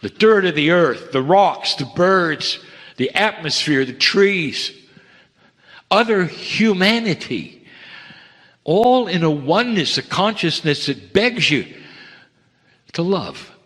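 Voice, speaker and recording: Man giving a channeled message in a reverberant hall. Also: animated. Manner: slow, heartfelt phrasing in short broken phrases; swings between raised emphatic lines and hushed low ones. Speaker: spiritual channeler. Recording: long reverb of a large hall.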